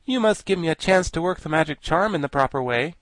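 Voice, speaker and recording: An anxious young boy, as a male narrator puts him on, earnest and jumpy. The voice sits clearly higher than the reader's own, and the dry recording keeps it close. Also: expressive, fast, fairly bright tone, no echo. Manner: nervous, raised voice.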